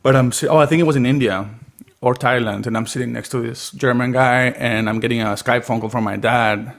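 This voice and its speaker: A young man from Peru, a comedian guest, telling rambling, animated stories in a casual podcast chat. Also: medium pitch, a little fast, creaky.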